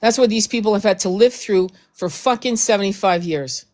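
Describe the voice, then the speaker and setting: A woman's voice: medium pitch, fairly quick, a little mellow. Blunt, swearing woman ranting. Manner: blunt, profane, emphatic, repeats herself. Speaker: host. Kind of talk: heated casual commentary.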